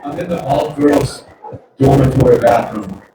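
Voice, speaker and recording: A middle-aged man doing a loud stand-up set, laughing and acting out voices. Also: mid-range voice, fairly even intonation, a little slow. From New England. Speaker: stand-up comedian. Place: large theater stage. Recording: roomy audience recording from far off, noisy. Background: audience laughter.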